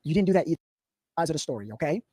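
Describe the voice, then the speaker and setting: A man's voice: a little high, animated, racing, warm tone, slightly rough, no room sound. A man hosting a livestream, chatting casually and reassuring a caller. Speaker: livestream host.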